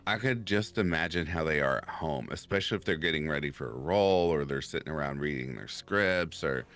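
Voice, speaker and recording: Super deep guy rambling on a chill stream, keeps laughing at his own stories. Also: animated, brisk, a bit bright. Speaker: podcast guest. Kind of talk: casual chat.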